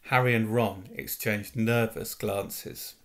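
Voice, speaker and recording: A man reading a novel aloud in an expressive storytelling manner. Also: lowish voice, takes it slowly, creaky. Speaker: reader. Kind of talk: audiobook narration of a novel.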